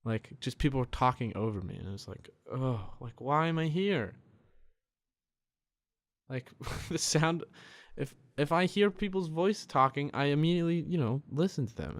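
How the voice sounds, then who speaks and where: A young man hosting a solo podcast, rambling in a frustrated, profane way with many restarts, talking quietly in a dark room. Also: mid-range voice, normal speed. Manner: tends to talk quiet. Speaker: podcast host.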